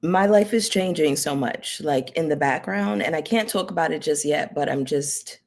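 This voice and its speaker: Speaking at normal speed in a low voice, a young reality TV commentary YouTuber chats directly to camera with her regular viewers. Her manner is heartfelt and easygoing, and she leans on plenty of fillers while thinking aloud.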